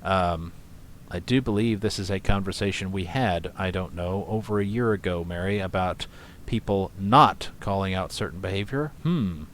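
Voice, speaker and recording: A man hosting casual reaction commentary, rambling, swearing and scoffing between long pauses. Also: deep voice, slight background noise. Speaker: commentary host.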